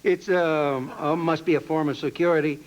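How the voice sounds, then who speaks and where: A man's voice: on the high side, steady tone, normal speed, dull audio. An older male comedian chatting as a talk show guest, telling rambling, stammering anecdotes. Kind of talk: casual chat.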